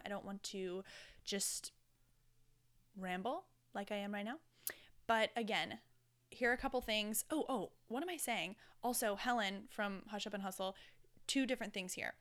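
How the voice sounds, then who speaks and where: A woman rambles casually through her solo podcast, candid and chatty with the odd swear word. Her voice is smooth and clear, sitting in a middle pitch. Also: a bit bright. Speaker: podcast host.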